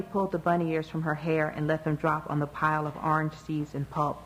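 A woman with a lowish voice reads a novel aloud, measured and expressive. A faint hiss sits under the recording. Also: poor audio. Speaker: narrator. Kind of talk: audiobook narration.

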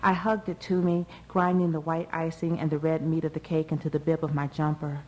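A woman reading a first-person novel aloud in a measured, even way. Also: deep voice, lo-fi sound. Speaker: audiobook narrator. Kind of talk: first-person literary narration.

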